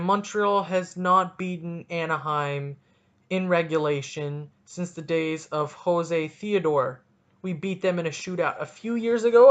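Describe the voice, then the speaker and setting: A young man hosting a solo casual podcast, rambling and joking at himself in an animated way. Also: a little high. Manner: rambling, jokey, animated, self-deprecating. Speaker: podcast host.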